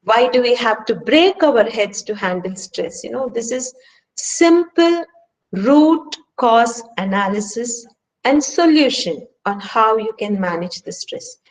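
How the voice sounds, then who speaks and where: The recording is rough as a woman with an Indian English accent gives a stress management workshop online from home. Her high, animated voice moves slowly, and she sounds earnest, punctuating her lecture with forceful rhetorical questions.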